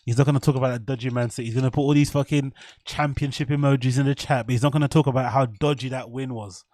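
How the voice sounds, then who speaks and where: A man's voice: medium pitch, fairly even intonation, fast talker, darkish tone, no echo, clean studio sound. Slangy man chatting on a livestream. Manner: slangy, swears freely, chats to viewers. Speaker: livestream host. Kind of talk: casual rambling livestream chat.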